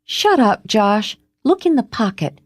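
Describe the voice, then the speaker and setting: A woman voicing a spoiled, glamorous young woman in an audiobook, speaking in a high, pouting voice. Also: sing-song, a little slow, no room sound, clean studio sound.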